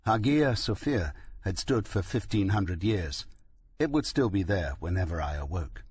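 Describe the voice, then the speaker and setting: A man narrating a first-person audiobook in a steady, reflective manner. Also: low-pitched, a little slow, breathy edge, no echo.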